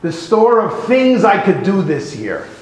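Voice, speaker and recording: Man, sermon, animated storyteller, slightly high voice, very echoey room. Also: measured pace. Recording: very echoey room, faint noise.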